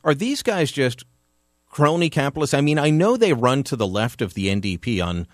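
Animated sarcastic male radio host. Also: mid-range voice, a little fast, dry recording, studio quality. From Canada. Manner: emphatic, sarcastic, lively delivery. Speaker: radio talk show host. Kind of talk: opinionated radio commentary.

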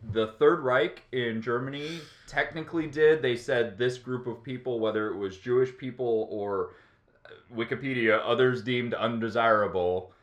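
A man co-hosting a casual chat podcast, explaining history in a rambling, relaxed way with plenty of ums. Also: medium pitch, echoey room.

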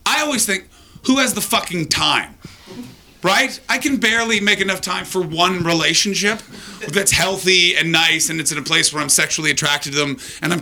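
A man's voice: fairly high pitch, bright, forceful tone. A man hosting a live comedy podcast, joking crudely and teasing the audience. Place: live show venue with an audience.

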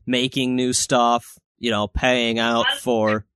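A man's voice: medium pitch, level tone, slow pace, a bit bright, clear, resonant tone, no echo. A man co-hosting a podcast in casual chat, rambling and swearing freely. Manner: crude, rambling, swears a lot. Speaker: podcast co-host.

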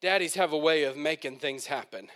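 A man in his thirties preaching a sermon with fervent, repetitive phrasing, rising to shouted peaks and excited whoops. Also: a little high, a little fast. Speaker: pastor.

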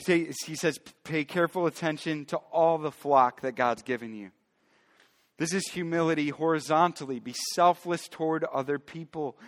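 A male pastor preaching a sermon emphatically, moving between loud declarations and quiet, hushed asides. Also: mid-range voice, in a large hall.

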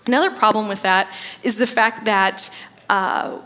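A woman's voice: mid-range voice, steady tone, a little slow, a bit bright. Woman preaching in an echoing hall. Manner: engaging, asks the audience to respond; laughs at her own jokes. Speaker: speaker at a church service. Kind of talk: sermon on faith and finances. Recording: reverberant hall.

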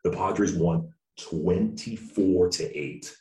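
A man with an extremely deep voice chats casually as a podcast co-host, rambling, joking and restarting his sentences. He sounds a bit distant from the mic in a roomy, echoey space. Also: slow, a little mellow. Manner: rambling, jokey, restarts often.

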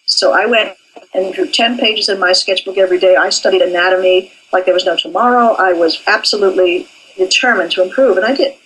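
Husky older woman, candid interviewee. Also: mid-range voice, fairly quick, a bit bright, rough recording. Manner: candid and forthright. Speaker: animation professor, interviewee. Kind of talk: interview, recalling her training.

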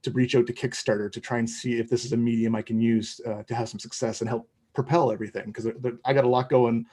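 A man's voice: mid-range voice, flat delivery, fast, dark tone, slightly rough. A middle-aged man, a comic book creator, answering interview questions in a loose, rambling way with many restarts. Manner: rambling, hesitant, full of restarts. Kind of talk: casual interview talk.

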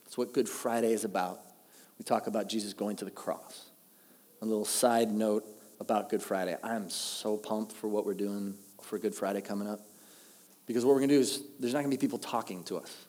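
A man preaching a sermon, telling the story with animated delivery and acting out the quoted lines. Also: fairly low pitch, a little fast. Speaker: pastor. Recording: long hall reverb.

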